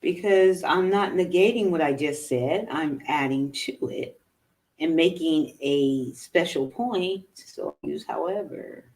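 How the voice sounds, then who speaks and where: A woman's voice: low-pitched, a little slow. A middle-aged woman giving a candid, emphatic motivational talk. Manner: candid, emphatic, animated in quoted retorts. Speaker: motivational speaker.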